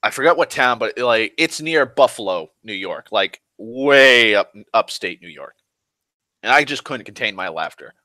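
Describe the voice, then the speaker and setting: A young man talks through a loose, rambling vlog monologue, restarting sentences and swearing freely. His voice is bright and forceful, picked up dry and close with no room sound. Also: medium pitch, animated, normal speed, no room sound. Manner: rambling, restless, full of restarts and "like", swears freely, swings loud and soft. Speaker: vlogger.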